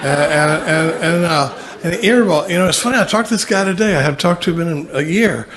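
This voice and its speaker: A man's voice: a little high, lively intonation, fast, a bit bright. A man speaking at a recovery meeting, walking through a recovery text and telling folksy, self-mocking stories with plenty of humor.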